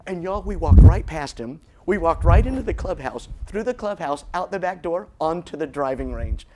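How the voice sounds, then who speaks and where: A middle-aged man, giving a storytelling keynote as a motivational speaker, animated and slowing down for dramatic effect. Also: fairly high pitch, heavy background noise.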